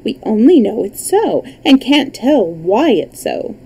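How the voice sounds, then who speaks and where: Woman voicing a pompous fox king, storybook, high and lilting, grand flattering tone. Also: measured pace, gravelly, breathy edge, full character voice, low-quality recording.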